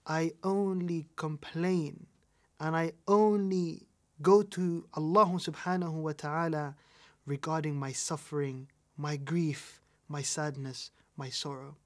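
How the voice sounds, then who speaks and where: A man's voice: a little high, steady tone, slow pace. A man with a British accent giving an Islamic lesson. He talks emphatically, repeats his key points and asks rhetorical questions. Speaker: Islamic teacher. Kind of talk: recorded religious lesson.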